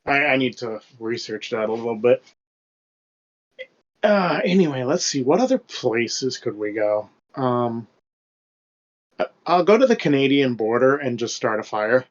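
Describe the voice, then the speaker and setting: Young male co-host, mid-pitched, rambling and sweary, on a dull lo-fi mic. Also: animated, unhurried. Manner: rambling, loose and profane, lots of fillers. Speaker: podcast co-host. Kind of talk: casual chat.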